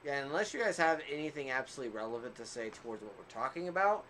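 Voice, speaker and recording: A man's voice: mid-range voice, animated, racing, fairly bright tone, a little hiss or hum. A man co-hosting a casual podcast chat, laid-back and agreeable, laughing along.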